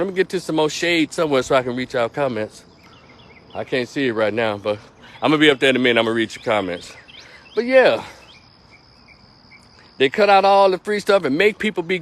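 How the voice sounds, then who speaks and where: Blunt, high-voiced man ranting on a livestream. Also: fairly bright tone. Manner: blunt, profane, preachy. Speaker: host. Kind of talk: livestream opinion rant. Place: outdoors, moving around.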